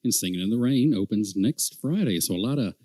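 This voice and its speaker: A middle-aged man co-hosting a podcast in casual chat, rambling and animated, with many fillers and restarts. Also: on the low side, fairly quick, no room sound. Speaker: podcast co-host.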